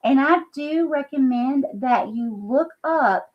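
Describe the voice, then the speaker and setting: High-voiced woman giving a psychic reading. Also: expressive, muffled recording. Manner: earnest and halting, with many fillers and check-ins. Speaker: psychic reader using scrying. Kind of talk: live-stream spiritual reading.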